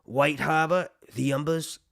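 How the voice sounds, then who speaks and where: A man's voice: on the high side, steady tone, measured pace, creaky, a bit bright, dry recording, clean studio sound, pitched above the performer's own voice. A man reading aloud as a frail, dying old male maester, urgent and dryly sardonic. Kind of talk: casual book reading aloud.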